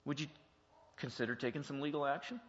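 A man's voice: mid-range voice, steady tone, quick pace. A male pastor giving a conversational teaching sermon in a church, putting many questions to the congregation in a plain, chatty way. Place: church sanctuary. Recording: long hall reverb, dull lo-fi sound.

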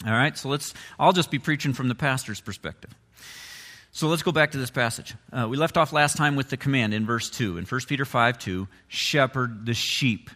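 Male pastor, sermon delivery, conversational with emphatic peaks, medium pitch, church-hall reverb. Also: brisk. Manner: conversational preaching, animated swings with emphatic rises.

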